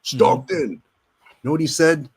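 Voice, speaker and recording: A man's voice: medium pitch, normal speed. A man, an Army veteran and actor, telling blunt, profane stories as a guest in a casual interview. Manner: blunt, profane, intense storytelling.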